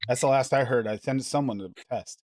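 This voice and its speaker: Man, host, casual live chat, rambling, laughs a lot, mid pitch, dry sound. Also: brisk, a little mellow, no echo. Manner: laughs often, rambling with restarts. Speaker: livestream host.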